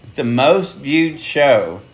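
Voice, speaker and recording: A man's voice: medium pitch, animated, takes it slowly. A man hosting a podcast, chatting casually and joking crudely over drinks with friends. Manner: laughing, joking, crude banter. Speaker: podcast host.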